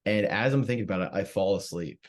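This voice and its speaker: Man, lowish voice, animated, swears a lot, acts out quotes, casual storytelling. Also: fast. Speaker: comedian guest.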